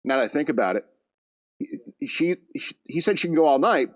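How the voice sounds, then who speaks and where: A man's voice: on the high side, expressive, brisk, long pauses, no echo. A man hosting a podcast, telling a rambling casual story from his day and laughing at his own jokes. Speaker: podcast host. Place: studio.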